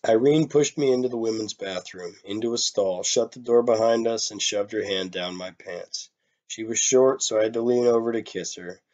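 A man reading a short story aloud, in a plain, low-key way, giving the characters' lines some life. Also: normal speed, darkish tone, dull audio. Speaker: reader.

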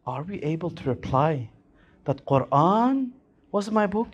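A man's voice: fairly high pitch, sing-song, unhurried, husky. A man preaching a sermon in an Islamic center hall, in a fervent, rising-and-falling delivery.

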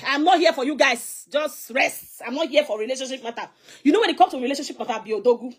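High-voiced Nigerian woman ranting hotly. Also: animated, fast talker, few pauses, husky. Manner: confrontational, scolding, mixes pidgin with English. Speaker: social media personality. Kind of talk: heated live video rant.

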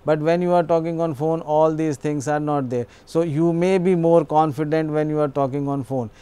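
A man's voice: on the high side, steady tone, normal speed, warm tone, clear, resonant tone. A man giving an explanatory educational lecture, repeating himself now and then with small restarts.

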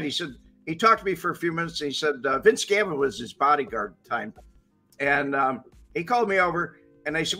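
A man's voice: on the high side, expressive, fast, bright, forceful tone, faint music behind. An older man from Chicago, laid-back and chuckling as he tells old memories in a casual chat. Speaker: regular guest. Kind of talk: casual reminiscing.

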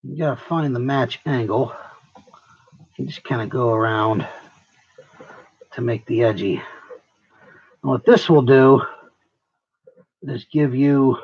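A man's voice: mid-range voice, takes it slowly, pauses often, slightly rough, highs cut off. A man hosting his own channel, rambling and joking with viewers as he works on a craft project. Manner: rambling, joking, talks to viewers while working. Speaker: prop maker and channel host. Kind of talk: casual workshop chatter.

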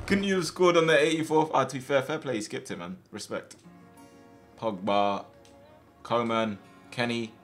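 A young man giving casual, slangy commentary over his own football video game matches, with sudden loud outbursts at big plays. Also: medium pitch, normal speed, pauses often, faint music behind. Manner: casual slangy chat to viewers. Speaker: gaming video host. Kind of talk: live gameplay commentary.

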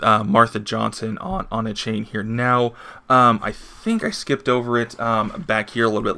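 A man's voice: fairly low pitch, vocal fry, sharp tone. A man hosting a casual comic book review, chatting and reading dialogue aloud from the panels. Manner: chatty, reads comic dialogue aloud between his own remarks.

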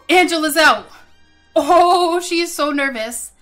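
A young woman doing excitable casual let's play commentary, gasping and saying like a lot. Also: extremely high pitch, takes it slowly, faint music behind. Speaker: gaming YouTuber.

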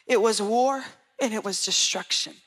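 A woman preaching a sermon with a high voice that keeps pitching upward. Her tone is bright and keen. She speaks with fervour and keeps urging her listeners to pay attention. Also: moderate pace, slightly rough. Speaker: worship leader preaching. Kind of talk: sermon retelling a dream.

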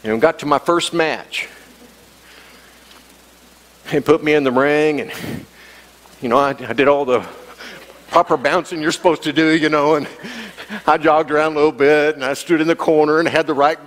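A man's voice: on the high side, fairly even intonation, normal speed, pauses often, fairly bright tone. A man preaching a sermon as the pastor, telling a story with humor, repeating himself and chuckling as he goes. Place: church sanctuary. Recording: long church hall reverb.

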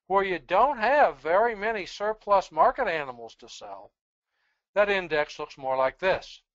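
Brief: measured lecturer, plain talk, mid pitch, dull dry audio over a computer mic. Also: no echo. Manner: measured, explanatory, plain-spoken. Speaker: presenter on sheep breeding genetics. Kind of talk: webinar lecture with slides.

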